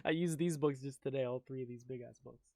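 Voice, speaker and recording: A man's voice: medium pitch, fast, mellow, no room sound. A man running a tabletop game, talking casually and upbeat, often repeating himself. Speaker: game master. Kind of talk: wrapping up a tabletop game session.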